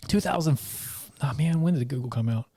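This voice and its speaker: A man's voice: a little high, brisk, warm tone, breathy edge. A man in his forties co-hosting a podcast, chatting casually with jokey asides, frequent laughs and rambling restarts. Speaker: podcast co-host. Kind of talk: casual chat.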